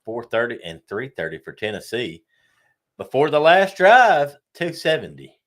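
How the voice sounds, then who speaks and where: A man co-hosting a casual sports talk show, easygoing and animated. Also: medium pitch, moderate pace. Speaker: co-host.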